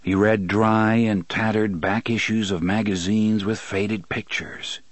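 Male narrator, low voice, dry close recording, measured read. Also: no room sound. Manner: measured, even storytelling. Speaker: audiobook narrator. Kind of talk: scripted narration.

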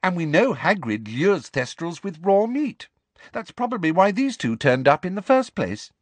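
A man's voice: sits high, very animated, normal speed, dry recording, voice pushed up. A man voicing a cool, confident teenage girl who makes pointed remarks.

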